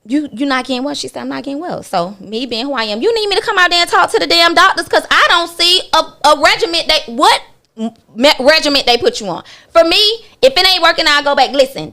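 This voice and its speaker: A woman with a slightly high voice tells a story on talk radio in a blunt, candid way. She swears casually now and then. She slips into the voices of the people she quotes, which keeps the retelling lively. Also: fast talker. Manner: animated, acts out other people's lines in her retelling. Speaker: radio show guest.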